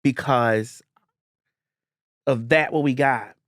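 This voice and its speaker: A woman's voice: takes it slowly, dry recording. Woman, podcast host, blunt and emphatic, dry close sound. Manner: blunt and emphatic, swears freely; low and earnest when comforting. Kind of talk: casual chat.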